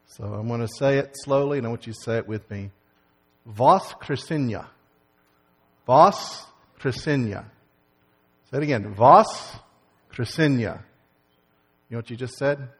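A man's voice: medium pitch, racing, few pauses, darkish tone. A man leading a congregation as pastor, giving folksy church announcements and opening remarks. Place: church sanctuary. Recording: long hall reverb.

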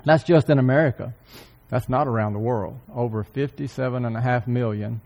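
A man's voice: mid-range voice, a little fast, darkish tone. Earnest man preaching in a hall. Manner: earnest, repeats key phrases for emphasis; frequent throat clearing. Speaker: church speaker. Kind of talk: sermon. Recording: long hall reverb.

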